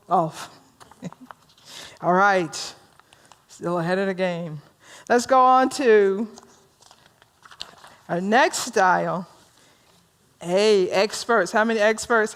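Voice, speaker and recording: A woman minister leading a workshop. She tells stories in an animated way, laughs easily and asks the audience questions. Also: medium pitch. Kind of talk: storytelling workshop talk.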